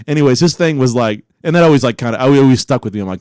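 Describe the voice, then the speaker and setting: Foul-mouthed, animated man telling a story. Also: racing, hardly any pauses, no room sound, clean studio sound. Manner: profane, animated storytelling, shouts quoted lines in a high voice. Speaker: podcast co-host. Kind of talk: crude casual podcast chat.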